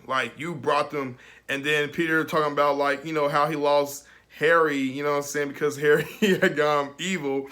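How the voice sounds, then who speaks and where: A man's voice: on the high side, moderate pace, a bit bright. A young man giving a casual, rambling film review, emotional and laughing often.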